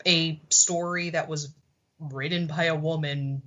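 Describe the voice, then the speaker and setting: A woman's voice: sits low, fairly even intonation, a little slow, a bit bright. A woman co-hosting a podcast, chatting casually and thoughtfully about a TV episode, with some casual swearing. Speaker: podcast co-host. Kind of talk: casual chat reviewing a TV episode. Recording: dull lo-fi recording.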